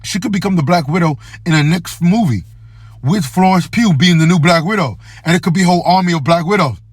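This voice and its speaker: A man with a fairly high voice talks through a movie review in a loose, slangy, excited way. The sound is dry and close, with no room around him. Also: quick pace, dry recording. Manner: enthusiastic, slangy and conversational. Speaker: movie review channel host. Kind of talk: casual video review.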